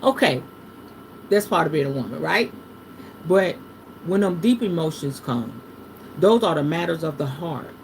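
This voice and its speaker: An animated woman leads a live tarot reading like a casual sermon. Her pitch swings from low and hushed to high and loud, and she drops salty curse words. A light hiss sits under the recording. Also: a little slow, long pauses. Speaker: tarot reader hosting a livestream.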